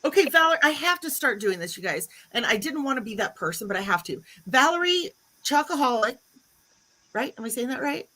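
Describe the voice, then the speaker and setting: A woman's voice: high-pitched, big pitch swings, a little fast, pushed and bright. A woman hosting a casual livestream chat, greeting viewers and chatting in a bubbly way. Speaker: YouTube channel host.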